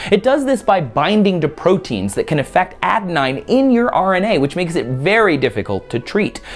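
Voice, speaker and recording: A woman hosting a science explainer video, playful and jokey with lively asides. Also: low-pitched.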